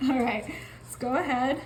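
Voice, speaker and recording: A woman hosting a casual home cooking video, bubbly and quick to laugh, talking to her viewers as you guys. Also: high-pitched, echoey room, a little hiss or hum. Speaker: cooking vlogger. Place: home kitchen.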